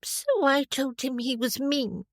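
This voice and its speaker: A woman reading a small, stubborn little girl in a storybook, with a slow childlike lilt. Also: sits high, animated, dry recording, clean studio sound, voice pushed up, full character voice. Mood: sulky.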